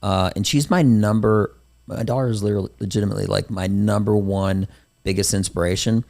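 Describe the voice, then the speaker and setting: Low gravelly male podcast host. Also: steady tone, brisk, darkish tone. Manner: rambling, with filler and restarts, motivational. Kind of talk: casual conversational interview.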